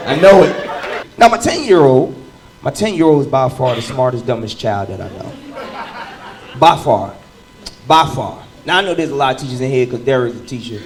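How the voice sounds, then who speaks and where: A man in his thirties performing a stand-up comedy set, telling animated stories and shouting into bits. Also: mid-range voice, brisk, rough recording. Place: comedy club stage with live audience. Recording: live room with loud crowd laughter.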